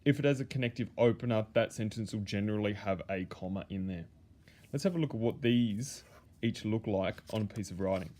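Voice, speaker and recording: A man's voice: fairly low pitch, a little fast, mellow. A male teacher, explaining punctuation step by step and often restarting his phrases. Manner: talks students through steps, repeats and restarts phrases. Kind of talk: classroom explanation.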